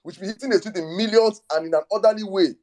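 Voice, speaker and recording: A man hosting a live online discussion, calming speakers and repeating himself for emphasis. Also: sits high, very fast. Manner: soothing, repeats calming phrases. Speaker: host. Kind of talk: live audio space discussion.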